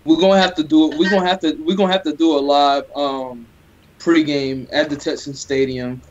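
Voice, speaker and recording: A man co-hosting a casual sports talk stream, reeling off eager shout-outs. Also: fairly high pitch, fairly even intonation, brisk, slight background noise. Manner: eager shout-out roll call. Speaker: co-host. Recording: dull lo-fi audio.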